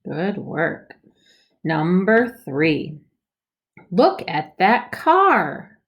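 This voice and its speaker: A woman teacher leading a phonics lesson for young children, sounding out words slowly and patiently and prompting the listener to read along. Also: sits low. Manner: slow, clearly sounded-out reading with patient prompts.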